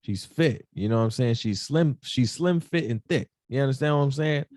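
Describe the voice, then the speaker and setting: A man's voice: medium pitch, moderate pace, a little mellow, no room sound. Ny guy on his podcast, rambling emotional story, talks to y'all, dry close mic. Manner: emotional, repeats himself, addresses listeners as y'all and bro. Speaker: podcast host. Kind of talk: casual storytelling monologue.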